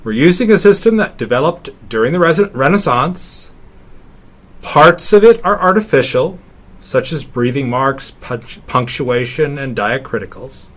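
Male instructor narrating slides, unhurried, careful sounding-out, expressive melody. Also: mid-range voice. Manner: slow, deliberate, sounding out words. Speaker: teacher. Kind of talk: recorded slideshow lecture.

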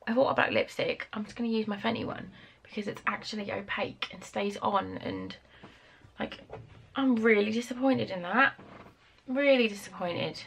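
A British woman talks casually to her camera at home, rambling from one chore to the next in quick asides. Her voice has a gravelly, creaky edge and sits at an ordinary middle pitch. She sounds worn out and tired. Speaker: vlogger. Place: home, indoors.

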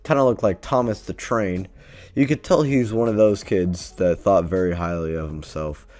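A man's voice: sits low, normal speed, darkish tone. A man vlogger telling a story casually, swearing a lot and sounding exasperated. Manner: profane, exasperated, rambling.

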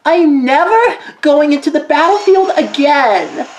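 A woman's voice: high voice, expressive, a little slow, a little hiss or hum. A woman reacting dramatically during a comedic gameplay skit, given to angry outbursts and flustered apologies. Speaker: game player and skit performer. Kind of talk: comedic voice acting over gameplay.

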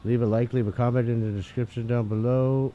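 Excitable man with tinny, lo-fi sound. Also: medium pitch, fairly quick. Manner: chatty, excitable, reads on-screen text aloud. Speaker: gaming channel host. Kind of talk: casual game commentary. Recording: tinny phone-like mic, faint hiss.

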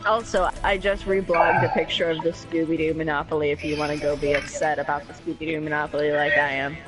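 Chatty sarcastic gamer on voice chat, game music clear behind. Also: medium pitch, level tone, fast, poor audio. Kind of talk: casual chat while playing.

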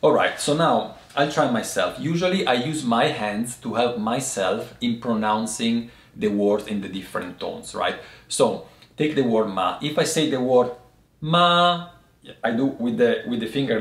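Man explaining a lesson in an echoey room. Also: medium pitch. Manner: thoughtful, pauses to find words. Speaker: host teaching Chinese tea words.

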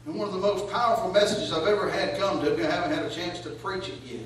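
Man preaching, high voice, booming echo, distant from the mic, faint hiss. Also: steady tone, quick pace, fairly bright tone. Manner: preaching with rising, questioning cadence. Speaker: pastor. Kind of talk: sermon. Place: church sanctuary. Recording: echoey church hall, voice from far off.

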